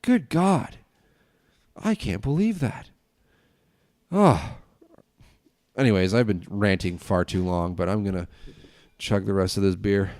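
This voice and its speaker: A man's voice: fairly low pitch, lively intonation, slow, pauses often, a little mellow, no echo, studio quality. A man hosting a casual solo podcast at home, ranting and swearing in a loose, tipsy way, his nose stuffed up. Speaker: podcast host.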